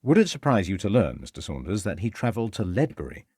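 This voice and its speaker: A man's voice: fairly low pitch, sing-song, dark tone, slightly rough, dry recording, clean studio sound, heavily acted. A man voicing a determined male police inspector who speaks firmly and assertively. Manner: firm, assertive, measured.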